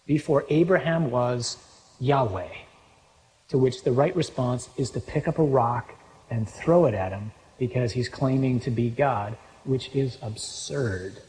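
Male preacher, mid-pitched, reading scripture with lively emphasis; recorded in a large reverberant hall. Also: measured pace, slight background noise. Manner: animated, reads scripture aloud with rising emphasis.

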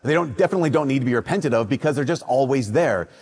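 A priest from Minnesota reading the Gospel at Mass and then giving a conversational, story-filled homily. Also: male voice, mid-range voice, quick pace, slightly rough. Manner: storytelling, conversational with lively asides. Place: church. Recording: church hall reverb.

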